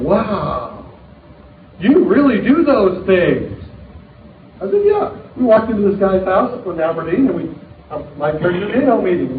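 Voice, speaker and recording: Middle-aged guy pumping up a sales crowd, highish voice, punchy jokey stories, sounds like it's over a phone line. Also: roomy sound, a little hiss or hum. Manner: upbeat storytelling, joking, punchy. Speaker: sales leader speaking at a distributor meeting. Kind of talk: motivational talk to a live audience. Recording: tinny, narrow-band recording of a live talk.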